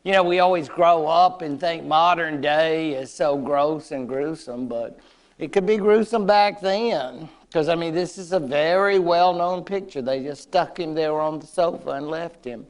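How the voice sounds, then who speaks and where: A man's voice: on the high side, measured pace. A man giving a history lecture to adult learners, chatty and wry with playful asides.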